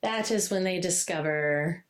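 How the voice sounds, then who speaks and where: A woman co-hosting a podcast, chatting loosely about a book, with many fillers and laughs, and now and then she acts out the characters' lines in a playful high voice. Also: measured pace. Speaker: podcast co-host. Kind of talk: casual book-discussion chat.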